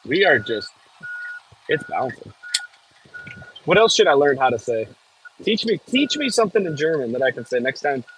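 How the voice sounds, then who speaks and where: A man from the United States talks through a live stream from a rattling machine cab, bantering with chat in an animated, bouncing voice. His pitch sits a touch high for a man. A faint outdoor hum runs underneath. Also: moderate pace, long pauses, rough recording. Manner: chatty, reads viewer chat aloud, swears when jolted. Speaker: livestreaming equipment operator. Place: cab of a heavy machine bouncing over frozen ground outdoors.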